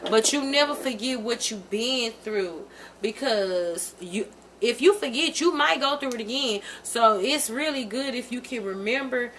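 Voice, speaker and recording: A woman's voice: on the high side, fairly bright tone, a little hiss or hum. A young woman vlogger telling a personal storytime in a casual monologue, earnest and repeating herself as she talks straight to her viewers.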